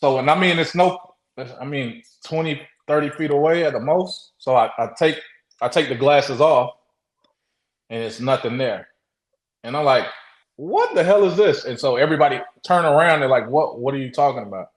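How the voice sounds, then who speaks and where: Halting man telling a story, roomy echo. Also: mid-range voice. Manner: halting, with many restarts and acted-out quotes. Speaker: interview guest. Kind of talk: casual storytelling.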